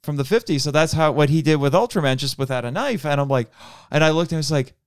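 A man's voice: a little high, fast, clear, resonant tone, no room sound, clean studio sound. A man from Indiana co-hosting a podcast, telling stories in casual chat, laughing often and acting out what people said. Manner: animated storyteller, laughs often, acts out quotes. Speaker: podcast co-host.

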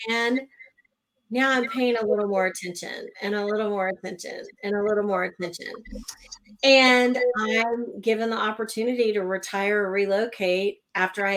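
A middle-aged Oklahoma woman with a mid-range voice shares her own story in conversation, lively and laughing between lines. The recording is rough.

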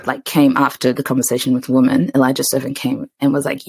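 A woman with an American accent hosting a podcast, chatting casually, laughing easily and telling stories in an animated way. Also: a bass voice, quick pace, gravelly, husky, no echo. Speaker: podcast host. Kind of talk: casual chat.

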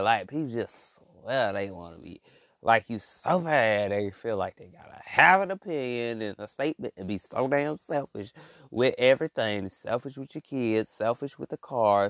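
A man doing a comedic rant monologue, rambling and slangy, full of fillers and restarts, jumping from low mumbles to loud outbursts. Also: dry recording, studio quality.

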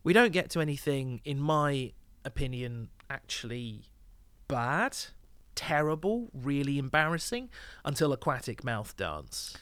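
Guy calmly picking apart an album on a review podcast, dry close sound. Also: mid-range voice, clean tone, no room sound. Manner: measured, analytical, laughs easily. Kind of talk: casual chat.

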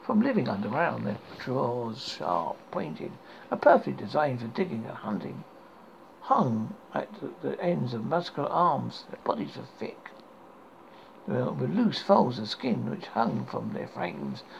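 A man hosting a horror podcast, reading a dark story aloud with stumbles and restarts. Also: medium pitch, huge pitch swings, measured pace, gravelly. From United Kingdom. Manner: stumbling, self-correcting reading. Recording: dull lo-fi recording with faint hiss.

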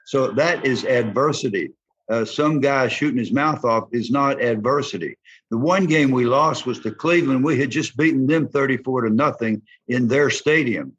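An older man with a Southern accent, a former football player telling folksy, animated stories in an interview. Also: mid-range voice, moderate pace, slightly rough. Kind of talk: storytelling interview. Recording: dull lo-fi sound.

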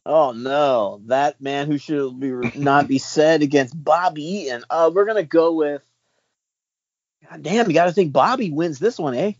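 A man on a casual podcast answering trivia, joking, swearing and thinking out loud. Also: fairly high pitch, a little slow, no room sound. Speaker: podcast co-host and quiz contestant. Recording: dry, dull lo-fi sound.

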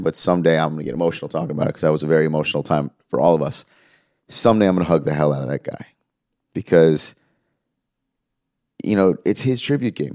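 Recorded dry with clean studio sound, his voice sits low. The man is an interview guest who manages musicians, and he recounts an earnest story, quoting others in spirited voices.

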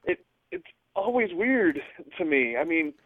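A man's voice: a little high, very animated, unhurried, no echo. A man calling in to a podcast, rambling hesitantly with many stumbles and restarts. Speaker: caller. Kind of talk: rambling phone call. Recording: tinny dry phone line.

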